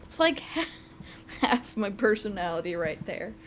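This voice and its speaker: A woman's voice: mid-range voice, big pitch swings, moderate pace. A young woman streaming a game live, chatting casually, laughing a lot and swearing freely. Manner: giggly, laughs often, crude.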